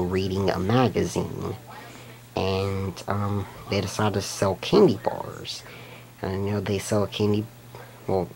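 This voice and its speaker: A man's voice: fairly low pitch, creaky, slight background noise, rough recording. A man on his own video channel, recapping cartoon episodes in a rambling, unscripted way, restarting sentences and giggling. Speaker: YouTube episode reviewer.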